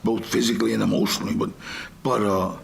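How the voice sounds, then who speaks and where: A man in his sixties telling stories in a casual interview, animated and laughing often. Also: lowish voice, fast, gravelly. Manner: animated, laughs often, acts out shouted quotes. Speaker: guest actor.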